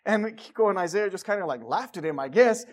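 Man, high voice, middle-aged pastor, emphatic sermon, church. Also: lively intonation, quick pace. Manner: emphatic, exhorting preaching with asides and stories. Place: church sanctuary.

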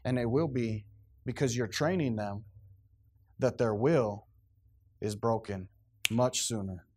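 A man's voice: mid-range voice, slow pace, husky. A man preaching a sermon in a stern, emphatic, plainspoken way, repeating phrases to drive his points home.

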